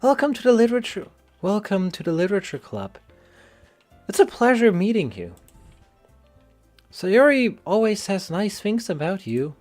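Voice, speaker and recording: A man voicing a polite, reserved teenage girl from a game, in a measured way. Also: sits high, sing-song, darkish tone, faint music behind, pitched above the performer's own voice.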